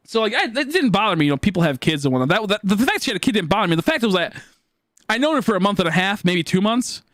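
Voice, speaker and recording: Guy streamer with a pretty high voice, rambly and animated, laughs a lot, dry close sound. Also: fast, no room sound. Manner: animated, rambling storyteller who laughs often. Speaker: live streamer. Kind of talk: casual live-stream chat.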